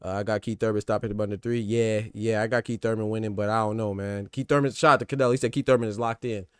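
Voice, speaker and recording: A congested man runs a casual boxing podcast at a quick clip, circling back over his own words. His voice is close and dry, with no room around it. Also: lowish voice, fairly even intonation, clean tone, dry recording. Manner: rambling, repeats words, talks to chat. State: stuffed up. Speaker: podcast host.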